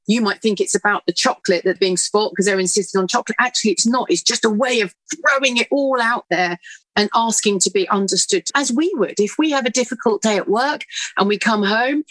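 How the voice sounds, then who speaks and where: A middle-aged woman, a presenter and author, telling a lively story about her son and giving calm parenting advice. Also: medium pitch, dry recording, rough recording. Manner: lively anecdotal, acting out her own inner voice.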